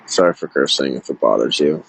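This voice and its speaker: A man's voice: very deep voice, expressive, a little fast, creaky, husky, low-quality recording. A man live-streaming to viewers alone, distressed and near tears, rambling with many filler words. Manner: rambling, heavy on filler words, self-interrupting. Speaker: livestreamer.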